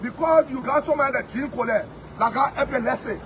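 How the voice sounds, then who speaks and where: A man's voice: extremely high pitch, fast talker, fairly bright tone. A Liberian man and politician giving a combative, repetitive street interview outdoors. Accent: Liberian English. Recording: crowded street with sirens and noise.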